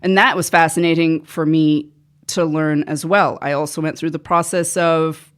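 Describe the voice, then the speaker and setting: A woman's voice: sits low, steady tone, normal speed, smooth. A woman being interviewed on a podcast, an actor who rambles and drifts off track in casual chat. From the islands, came to America at seven.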